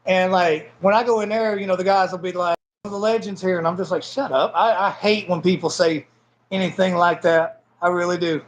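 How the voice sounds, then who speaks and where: A man's voice: high-pitched, steady tone, brisk, a little hiss or hum, low-quality recording. A blunt, profane man in his forties with a Southern American accent, chatting casually as an interview guest and laughing often. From Southern United States. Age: 40s. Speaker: guest wrestler. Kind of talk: casual chat.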